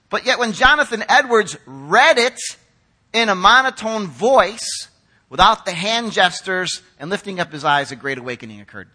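Animated high-voiced male pastor preaching. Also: moderate pace. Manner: animated, acts out quoted critics in a chatty voice. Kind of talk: sermon. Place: church sanctuary.

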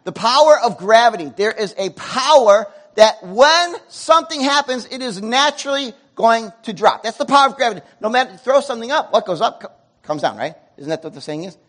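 High-voiced animated male pastor. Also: a little fast. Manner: animated, bursts into loud emotional peaks then drops to quiet asides. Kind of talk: sermon. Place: church sanctuary before a congregation.

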